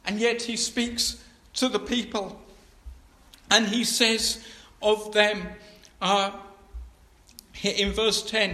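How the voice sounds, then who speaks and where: A man reading scripture aloud and then preaching on it, often halting and repeating words as he searches for the next phrase. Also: sits high, little pitch movement, bright, forceful tone, reverberant.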